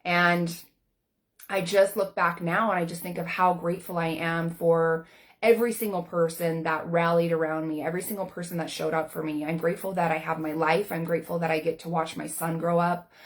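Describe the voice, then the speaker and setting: A woman's voice: on the low side, level tone, a little fast. A woman in her forties, a life coach, talking candidly to camera in a casual, earnest way with plenty of everyday fillers. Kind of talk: personal talk to camera.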